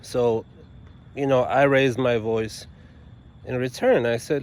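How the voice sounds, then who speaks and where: A man, an attorney, telling a story in a casual, animated way, full of restarts and asides. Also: medium pitch, slow, long pauses.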